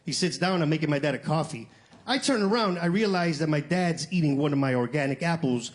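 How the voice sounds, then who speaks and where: High-voiced animated stand-up comic. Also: male voice, a little fast. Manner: animated, acts out quoted voices, swears casually. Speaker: stand-up comedian. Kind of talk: stand-up comedy storytelling.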